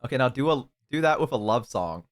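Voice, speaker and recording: A young man with a mid-range voice talks fast on a live stream, chatting casually with a guest and his chat. He's an animated storyteller, acting out stories by mimicking voices.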